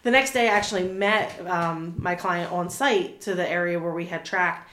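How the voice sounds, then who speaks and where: A talkative woman in her thirties with a fairly low voice, chatting as an interview guest. She rambles through fillers and restarts with an easy laugh. The room sounds echoey. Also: moderate pace, a bit bright. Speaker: animal communicator guest. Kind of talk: casual interview chat.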